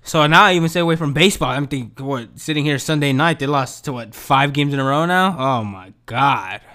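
A man hosting his own podcast in a rambling, profane solo rant, dropping to low mumbles and then rising to excited outbursts. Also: fairly quick. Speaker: podcast host. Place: home.

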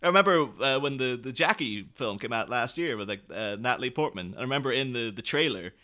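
A man's voice: medium pitch, lively intonation, quick pace, sharp tone. A man co-hosting a casual podcast chat, rambling informally with lots of fillers. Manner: rambling, informal, laughs easily. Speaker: podcast co-host.

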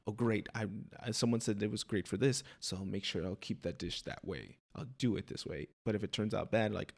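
A man on a casual podcast, talking softly and hesitantly about his work. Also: fairly low pitch, brisk, gravelly. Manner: soft-spoken, hesitant. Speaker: podcast co-host.

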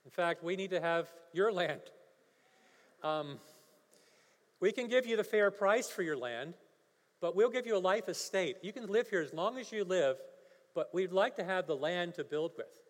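A man's voice: high voice, lively intonation, moderate pace. A male pastor preaching a sermon, telling a story and building to emphatic preaching. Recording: long hall reverb.

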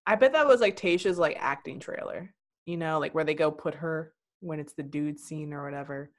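Casual co-host, woman, lowish voice, sarcastic and profane, does mocking impressions. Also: normal speed. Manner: sarcastic, swears, mocks people in quoted voices. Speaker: podcast co-host. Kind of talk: casual recap chat.

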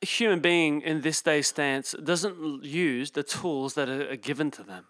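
A man's voice: a little high, measured pace, fairly bright tone, no echo, clean studio sound. A man co-hosting a podcast in casual chat, rambling with stammering restarts and laughing easily. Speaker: podcast co-host.

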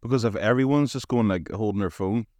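Guy co-hosting a podcast, lowish voice, keeps asking questions, dry close sound. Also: fairly quick, darkish tone, dry recording. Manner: probing questioner who makes his own points. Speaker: podcast co-host. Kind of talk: casual chat.

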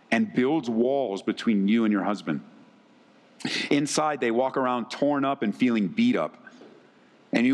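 A man's voice: medium pitch, in a large hall. A man preaching a sermon to wives, earnest and emphatic, often repeating key words for weight. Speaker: pastor.

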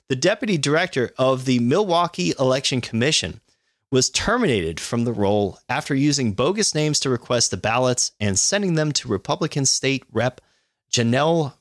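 A man co-hosts a podcast, reading news stories aloud and tossing in sarcastic, profane remarks while laughing often. His voice sits at a medium pitch, and the recording is dry with a clean studio sound.

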